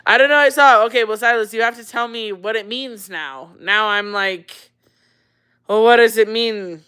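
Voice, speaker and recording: A woman's voice: a little high, normal speed, pushed and bright, clean tone. A woman in her thirties hosting a casual livestream, chatting and laughing as she reads viewer comments aloud. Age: 30s. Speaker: livestream host.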